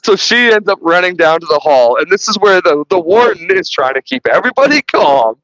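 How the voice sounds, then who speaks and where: A man's voice: high-pitched, very animated, a little fast, fairly bright tone, low-quality recording. A man hosting a podcast, retelling film scenes in casual, rambling chat full of restarts and swearing. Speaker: podcast host reviewing a film.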